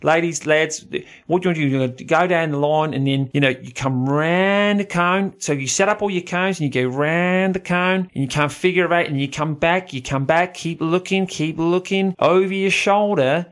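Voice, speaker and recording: A man's voice: fairly high pitch, voice pushed up, lightly acted. A man doing a hyped Aussie surf coach. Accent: put-on Australian. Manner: excited, drawn-out coaching calls. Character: upbeat Australian male surf coach shouting tips.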